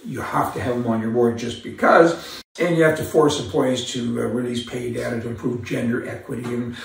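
A man hosts an opinionated commentary monologue in a brisk, steady, medium-pitched voice with vocal fry, heard from a distance in a very echoey room with slight background noise. He's rambling and sarcastic, with asides and repeated words.

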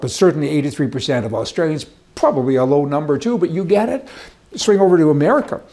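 A man's voice: medium pitch, a little mellow. A man giving opinionated political commentary in an emphatic, rambling rant, talking indoors beside a fireplace.

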